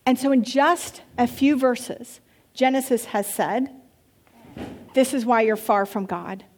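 Lady pastor preaching, kinda high voice, chatty and joking between the bible bits. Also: takes it slowly, a little mellow. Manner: conversational, playful asides between scripture readings. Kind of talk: sermon.

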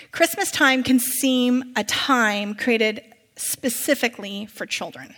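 A woman with a fairly high voice preaches in a church sanctuary, moving between scripture reading and loose, chatty asides to her listeners. Her voice rings out with the long reverb of a large hall. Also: slow, fairly bright tone.

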